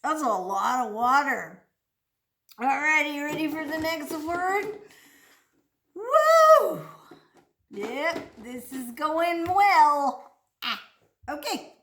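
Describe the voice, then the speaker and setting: A woman giving a playful children's speech lesson, talking slowly and with exaggerated, sing-song delivery. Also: high-pitched, animated, fairly bright tone, echoey room, slight background noise.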